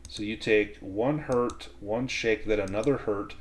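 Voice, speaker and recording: A man as game master of a tabletop western game, calmly explaining the rules step by step. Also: fairly low pitch, unhurried, slight background noise.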